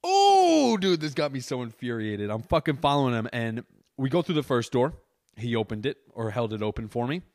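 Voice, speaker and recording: A young adult man hosting a casual solo podcast, telling an animated, exaggerated story and swearing constantly while sitting on a couch indoors. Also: mid-range voice, normal speed. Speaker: podcast host.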